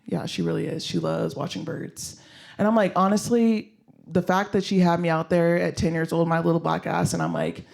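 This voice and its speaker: Speaking a little high with fairly even intonation and some vocal fry, a male stand-up keeps a normal speed through his live set. The venue is a comedy show, and his material is blunt, self-deprecating, and profane, aimed squarely at the audience.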